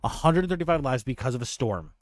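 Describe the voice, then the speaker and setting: A man's voice: medium pitch, very animated, fast, no echo. A man streaming live reactions to news clips, talking casually with sarcastic, profane, scornful asides.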